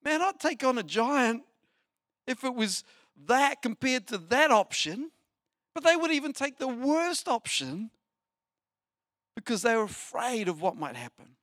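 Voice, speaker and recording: A man preaching a sermon as pastor, animated, asking the listeners rhetorical questions. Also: very high-pitched, a little slow, long pauses, no room sound, studio quality. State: short on sleep.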